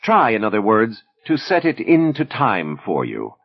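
A man voicing a wry, defiant Soviet woman poet who speaks in a dry, ironic, measured way at a reading. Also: lowish voice, huge pitch swings, slightly rough, voice pushed up, heavily acted. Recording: dull lo-fi recording.

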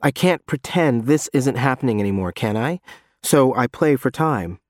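Male audiobook narrator, mid-pitched, measured and tense, dry studio sound. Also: expressive, no room sound. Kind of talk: first-person scripted narration.

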